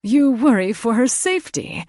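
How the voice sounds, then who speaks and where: A woman's voice: medium pitch, animated, a little slow, dry recording, clean studio sound. A woman narrator voicing a haughty, condescending male fae lord in an audiobook. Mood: mocking. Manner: condescending, faintly mocking. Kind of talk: audiobook character voice.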